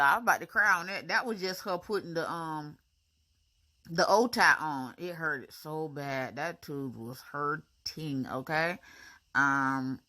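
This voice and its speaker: A woman, chatting to viewers in a casual voice-over about her braces appointment. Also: a bass voice. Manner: chatty, animated, talks to viewers as y'all, honey and baby.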